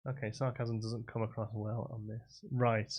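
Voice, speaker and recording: A man's voice: fairly low pitch, level tone, normal speed, a little mellow, a little hiss or hum. A young man streaming a game live, rambling casually as he answers chat messages aloud. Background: faint game music.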